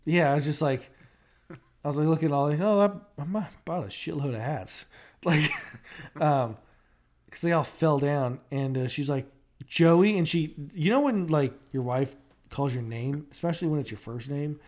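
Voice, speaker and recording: A man's voice: fairly high pitch, normal speed, darkish tone. A young man co-hosting a podcast in casual chat, rambling with lots of fillers and restarts. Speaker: podcast co-host.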